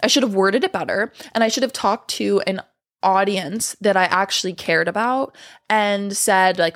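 A woman's voice: mid-range voice, moderate pace, fairly bright tone. A young adult woman chatting to camera, rambling and profane, out of breath and with a sore throat. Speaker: vlogger. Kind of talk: casual chat to camera.

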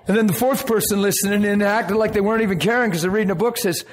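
A man preaching and telling a personal story in an animated way, acting out the voices of others. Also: high-pitched, unhurried, long pauses. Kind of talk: sermon storytelling.

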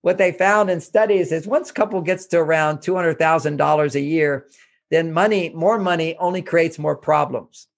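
A man's voice: fairly high pitch, moderate pace, creaky. An older man from Houston, Texas, an author speaking as an interview guest, giving earnest, emphatic self-help advice and repeating his points.

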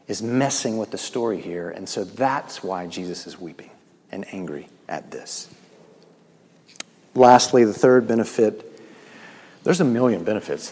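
A man preaching a sermon as pastor, swinging from loud, lifted lines to quiet, low ones. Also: slight background noise. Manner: preaching with sudden loud lifts and quiet drops. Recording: long hall reverb.

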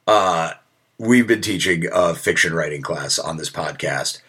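A man's voice: sits low, takes it slowly, bright, forceful tone, breathy edge. A man hosting a solo podcast, talking in a casual, earnest and rambling way with self-deprecating asides. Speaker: podcast host.

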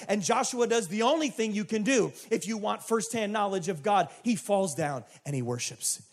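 A pastor preaching to his church in a high, light voice. He keeps a chatty tone, asking questions of the congregation, then builds to emphatic, shouted points. He is a man from the United States. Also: expressive, moderate pace, few pauses. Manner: conversational, emphatic, rising to shouts. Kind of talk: sermon.

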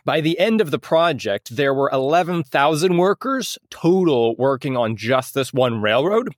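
Joking podcast guy, bouncy lively voice, dry close mic, laughs a lot. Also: on the high side, normal speed, dry recording. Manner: joking, laughs often, rambling. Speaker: podcast co-host. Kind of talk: casual comedic chat.

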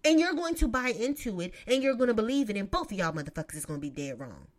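Lively, sassy woman with a swooping voice. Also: fairly high pitch, quick pace. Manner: profane, emphatic, sassy asides. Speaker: vlogger giving relationship advice. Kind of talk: casual advice monologue.

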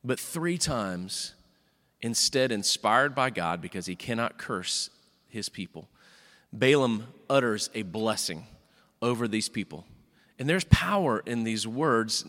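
A man preaches in a church, telling a Bible story with animated asides and quick character voices. His voice is bright and forceful. The sound carries a long reverb from the sanctuary. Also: mid-range voice. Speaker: pastor. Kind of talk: sermon retelling a Bible story.

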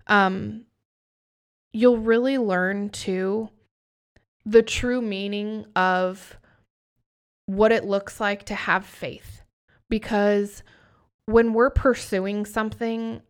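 With a gravelly, mid-range voice, a woman in her thirties, working as a podcast host and business coach, delivers a casual motivational talk. She is candid and emphatic, cursing freely.

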